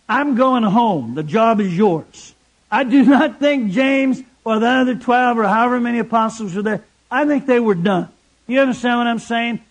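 A man preaching, his voice pitched unusually high. He talks to the congregation in a conversational but emphatic way, throwing rhetorical questions at them between scripture readings. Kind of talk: sermon.

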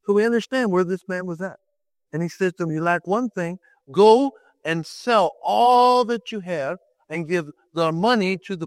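A man's voice: dry recording, rough recording. A man preaching a sermon, telling a Bible story with dramatic swings in his voice and asking the listeners rhetorical questions. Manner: dramatic, swings pitch to act out quoted voices.

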